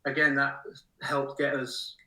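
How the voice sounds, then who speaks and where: A man's voice: medium pitch, flat delivery, a little slow, pushed and bright. A middle-aged man, chatting casually as an interview guest in a rambling, self-mocking way. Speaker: guest musician. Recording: roomy room from a distant mic.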